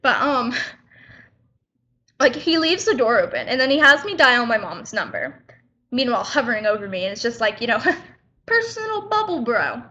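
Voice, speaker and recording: Teen girl, bright and a bit high, indignant chatty storyteller, muffled webcam sound. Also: moderate pace, pauses often. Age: teens. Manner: indignant, chatty retelling with quoted back-and-forth. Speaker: high school student vlogger. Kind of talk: casual vlog storytelling.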